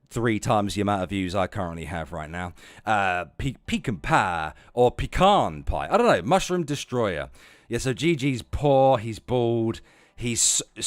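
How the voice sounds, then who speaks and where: A man chatting casually on a livestream, profane and rambling, jumping between loud outbursts and low muttering. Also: no echo, studio quality.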